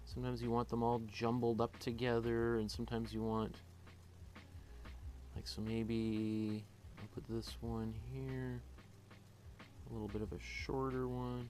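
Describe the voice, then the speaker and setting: A man's voice: medium pitch, a little mellow. A man with a Canadian accent teaching a painting class, thinking aloud while he works, with many fillers and restarts. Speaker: art teacher.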